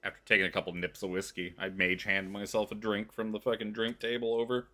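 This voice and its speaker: A man at a tabletop game describes his character's actions in a wry, laid-back way. His voice is low with a bright, forceful edge. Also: level tone, fast. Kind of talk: casual game table chat.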